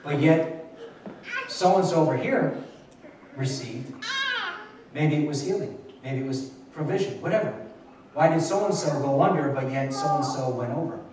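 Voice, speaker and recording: A man preaching in a relaxed, conversational way, restarting his sentences and repeating phrases as he goes. His voice is somewhat high for a man. He is picked up from a distance in a very echoey church hall, with faint room noise behind him. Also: measured pace, pauses often. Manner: conversational and repetitive, with frequent restarts. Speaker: pastor. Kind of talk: sermon. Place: church hall at a midweek Bible study.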